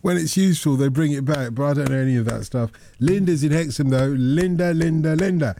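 A man's voice: mid-range voice, fast talker, gravelly, noisy background. A man hosting a radio phone-in, joking and teasing his callers in a casual chat. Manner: jokey, teasing, puts on voices.

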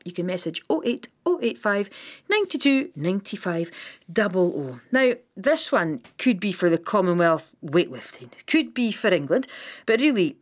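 A woman presenting a folk music radio show in a chatty, teasing way. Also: medium pitch. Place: radio studio.

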